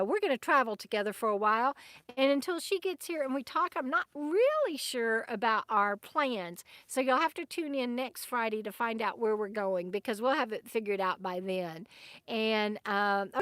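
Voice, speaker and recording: A woman's voice: a little high, a bit bright, no echo. A woman hosting a casual live stream from her RV, chatting and laughing as she reads out viewer comments. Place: RV camp in the desert.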